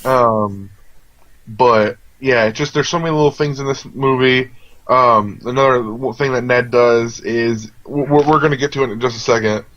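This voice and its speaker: A man chatting casually as co-host of a movie review, drifting from thought to thought with plenty of ums and restarts. His voice sits in an ordinary middle pitch. The recording is dull and lo-fi, with a dry, close sound and no room echo. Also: steady tone, moderate pace, fairly bright tone. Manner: rambling, with many fillers and restarts. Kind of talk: casual chat.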